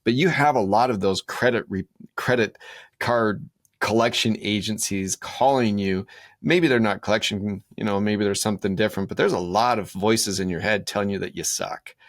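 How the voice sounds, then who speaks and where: A man's voice: fairly low pitch, moderate pace, no room sound, clean studio sound. A man hosting a podcast who asks his guest long questions in a conversational way, rephrasing as he goes. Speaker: podcast host. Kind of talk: interview questions.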